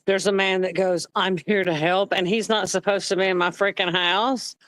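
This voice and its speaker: A woman on a discussion panel, talking in an animated, exasperated way. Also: mid-range voice, normal speed, no echo, low-quality recording.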